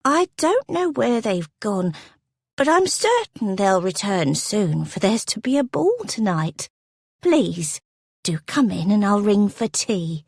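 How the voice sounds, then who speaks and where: A woman voicing a timid, frail elderly housekeeper who speaks softly and apologetically. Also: medium pitch, big pitch swings, slow, creaky, slightly rough, dry recording, clean studio sound, full character voice.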